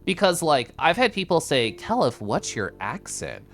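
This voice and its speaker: A man's voice: a little high, big pitch swings, moderate pace. Playful man with sing-song intonation. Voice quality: comfy, distinctive voice. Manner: drops to soft, quiet murmurs. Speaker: livestreamer. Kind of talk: casual chat with viewers.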